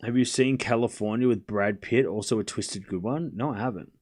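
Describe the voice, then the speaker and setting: A man's voice: lowish voice, brisk, a little mellow. A man hosting a live tennis watchalong stream, calling scores and chatting casually with viewers, rambling and laughing often.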